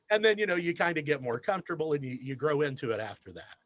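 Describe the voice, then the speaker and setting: A man's voice: a little high, quick pace, no echo. Upbeat man telling radio stories. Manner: animated anecdote teller, self-deprecating. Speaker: radio DJ and news director, guest. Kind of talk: casual podcast storytelling.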